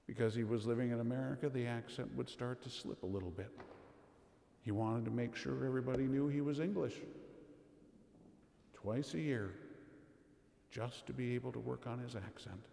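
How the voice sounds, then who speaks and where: A man giving an earnest, measured homily at Mass as a Catholic priest, asking rhetorical questions. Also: medium pitch, vocal fry, warm tone. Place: church. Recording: echoey church with long reverb.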